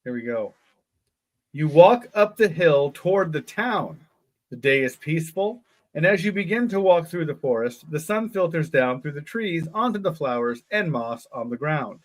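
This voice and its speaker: A man's voice: a little high, animated, moderate pace. Upbeat male co-host reading aloud. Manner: reads aloud, breaks off into joking asides. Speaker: podcast co-host. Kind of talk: reading a gamebook aloud with casual chat. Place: live online show.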